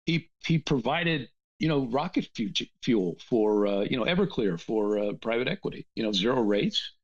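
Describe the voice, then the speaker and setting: A man talking in a casual, animated rant, with lots of restarts and asides. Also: mid-range voice, moderate pace. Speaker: podcast guest. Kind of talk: casual ranting conversation. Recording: dull lo-fi sound.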